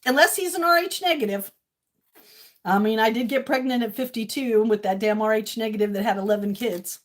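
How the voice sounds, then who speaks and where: A woman's voice: a little high, a little fast. A woman in her fifties from Maine, hosting a casual livestream from her home kitchen, gushing and emotional as she talks with viewers. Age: 50s. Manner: gushing and emotional, swings between tearful and loud squealing laughter. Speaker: livestream host.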